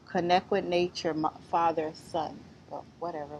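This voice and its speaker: A woman's voice: on the low side, moderate pace, gravelly, few pauses, slight background noise, low-quality recording. A woman giving blunt, rambling spiritual advice in a casual vlog, outdoors among trees. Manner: rambling, blunt and profane, lively. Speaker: spiritual vlogger.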